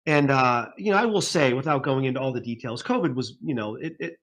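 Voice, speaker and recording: A man's voice: medium pitch, expressive, brisk, fairly bright tone. Chatty man, laughs between stories. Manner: rambling, laughs often. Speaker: guest musician. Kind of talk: casual interview.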